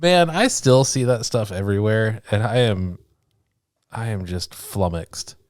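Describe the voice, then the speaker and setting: Deep-voiced easygoing young man. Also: measured pace, darkish tone, no echo, clean studio sound. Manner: easygoing, laughs readily. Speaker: podcast co-host. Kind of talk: casual chat.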